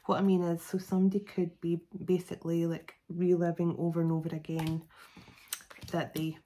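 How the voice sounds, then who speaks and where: A woman's voice: on the low side, little pitch movement, moderate pace, mellow, a little hiss or hum, low-quality recording. A woman giving a casual spoken tarot reading. She rambles chattily, with many fillers and restarts. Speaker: tarot reader.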